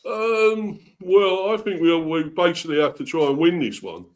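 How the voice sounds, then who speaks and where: A man answering questions as a guest fan of the rival team in casual chat, relaxed and hesitant, with lots of ums. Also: high voice, normal speed.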